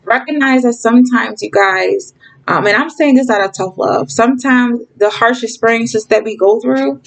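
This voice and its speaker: A woman's voice: fairly high pitch, low-quality recording. A woman giving viewers frank tough-love advice in a casual monologue, often checking in with "okay?" and "you guys". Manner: talks fast when excited, acts out quoted voices. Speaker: spiritual reader and channel host.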